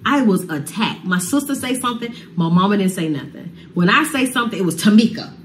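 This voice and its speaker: In an emotional sit-down conversation, a woman singer passionately explains her side of a family rift. Her medium-pitched voice has lively intonation and a brisk pace, and her manner is heartfelt yet casual, with slight noise in the background.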